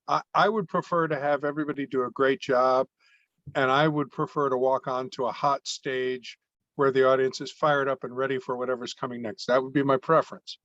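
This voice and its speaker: Measured man on dull, dry call audio. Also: mid-range voice, fairly bright tone, no room sound. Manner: measured, thoughtful, with fillers. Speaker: comedy performer and speaker. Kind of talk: casual group call chat.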